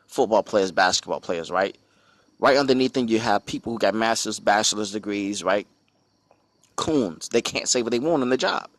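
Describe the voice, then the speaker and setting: A low-pitched man from the United States talks with force and feeling, hammering his points by repeating phrases and asking rhetorical questions. The sound is dry and close, with no room around it. He speaks to his listeners without a script. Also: expressive, normal speed, no echo. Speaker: speaker on a religious channel. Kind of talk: impassioned spoken commentary.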